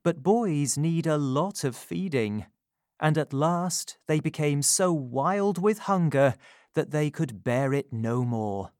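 A man reading a classic story aloud in a calm, measured narration. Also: fairly high pitch, no echo, studio quality.

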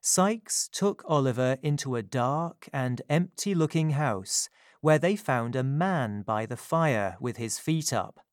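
A storybook narrator reading at a deliberately slow, measured pace. The voice sits at a middling pitch and is recorded close and dry, with no room sound. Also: lively intonation, no room sound.

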